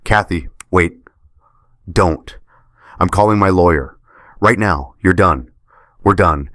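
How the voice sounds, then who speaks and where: Man voicing a furious betrayed wife, shouting, deep voice, dry close sound, story reading. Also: takes it slowly, no echo. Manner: anguished, shouting.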